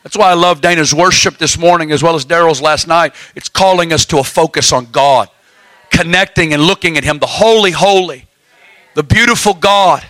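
A man's voice: fairly high pitch, fairly quick, pushed and bright, dry recording. A man preaching a sermon, fervent and exhorting, often breaking into laughter.

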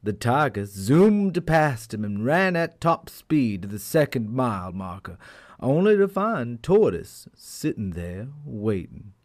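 A man telling a folk tale aloud as a storyteller, in an expressive, unhurried manner. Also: mid-range voice. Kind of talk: animated storytelling.

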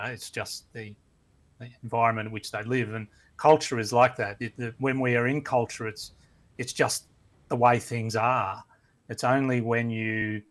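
A man with a middling pitch speaks as a podcast guest. He answers in a thoughtful, somewhat hesitant way, pausing and searching for his words. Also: a bit bright. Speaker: theology lecturer, podcast guest. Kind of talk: casual discussion.

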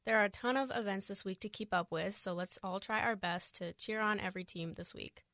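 A woman's voice: mid-range voice, brisk, dry recording. Woman reading a radio sportscast. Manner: steady newsreader delivery. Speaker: sports reporter. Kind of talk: scripted sports news read. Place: radio studio.

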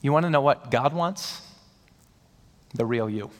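A man's voice: mid-range voice, animated, unhurried. A man preaching a sermon as pastor, emphatic, building his points phrase by phrase with rising stress. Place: church hall. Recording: long hall reverb.

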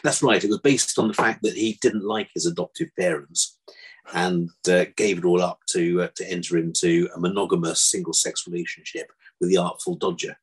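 An older man, a vet, telling stories from his past in a relaxed interview, with dry self-deprecating humour. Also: sits low, a little fast, slightly rough. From England. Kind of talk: casual interview chat.

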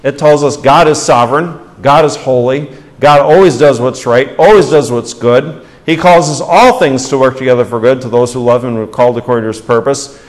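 A male pastor preaching a sermon with emphasis, rising for stress, dropping low at the ends of phrases and asking the congregation rhetorical questions. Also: a little fast, few pauses.

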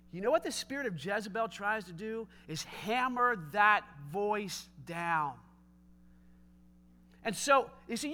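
A man preaching a sermon, retelling a scripture story with lively, casual asides. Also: very high voice, moderate pace.

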